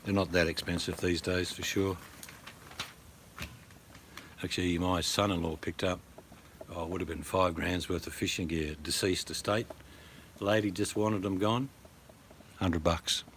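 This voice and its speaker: Middle-aged Australian guy, low voice, blunt joker who rambles on camera. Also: flat delivery, unhurried, pauses often, a bit bright, a little hiss or hum. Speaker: vlogger. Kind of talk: casual to-camera chat.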